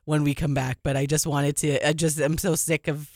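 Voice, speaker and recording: A sports radio host in casual, animated studio chat, emphatic and quick to laugh. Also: female voice, deep voice, no echo. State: a little out of breath.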